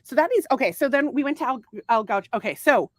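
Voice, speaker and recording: A woman's voice: high voice, expressive, fast talker, no echo, clean studio sound. A middle-aged woman co-hosting a casual married-couple podcast, crude and rambling, laughing often. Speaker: podcast co-host.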